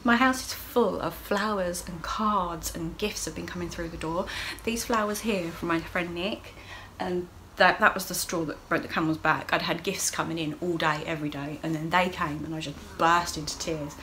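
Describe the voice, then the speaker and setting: A woman's voice: on the low side, fairly even intonation, moderate pace, few pauses, pushed and bright, a little hiss or hum. A middle-aged woman talking openly and emotionally in a casual video diary, laughing often. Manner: open, emotional, chatty with frequent laughs. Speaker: vlogger.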